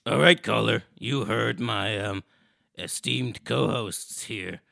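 A man hosting a parody late-night call-in show, bantering comedically and swinging into high, shouty outbursts. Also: takes it slowly, gravelly, no room sound, clean studio sound. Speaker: radio show host. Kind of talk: comedic improvised radio banter.

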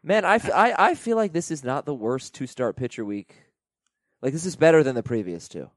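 A man hosting a fantasy baseball podcast, chatting casually and reading listener emails aloud with animated delivery. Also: medium pitch, brisk, no room sound. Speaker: podcast host.

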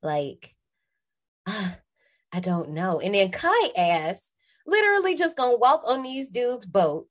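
A woman's voice: mid-range voice, very animated, slow. A woman in her twenties, a podcast co-host, recapping a film in casual, slangy chat and laughing often.

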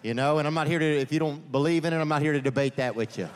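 A man working through a stand-up set at a live comedy venue. He talks in a rambling way, with deadpan asides and frequent restarts. His voice sits a little on the high side for a man, and a faint hum of ambience hangs behind him. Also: very fast.

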